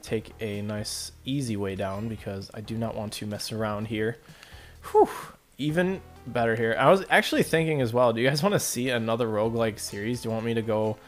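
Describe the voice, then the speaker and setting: A man's voice: fairly low pitch, a little fast, faint music behind. A man rambling through casual gameplay commentary, talking to his viewers and joking at his own expense. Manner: rambling, self-deprecating, talks to viewers. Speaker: let's play commentator.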